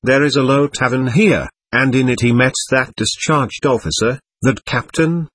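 A man's voice: medium pitch, moderate pace, a bit bright, husky. A man voicing a proud young society woman, formal but flustered and indignant. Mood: agitated.

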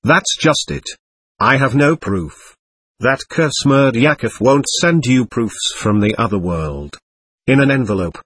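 A man's voice: mid-range voice, animated, fairly bright tone, husky, dry recording, clean studio sound. A man reading as a feverish, raving witness. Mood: brooding. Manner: rambling, slow and brooding. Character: feverish delirious young man raving in court.

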